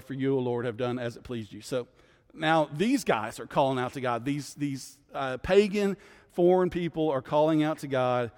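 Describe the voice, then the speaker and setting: A man's voice: fairly high pitch, moderate pace, darkish tone, long reverb tail. A male guest pastor leading a bible study, teaching in a conversational way and often checking in with "right?". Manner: conversational, keeps asking "right?".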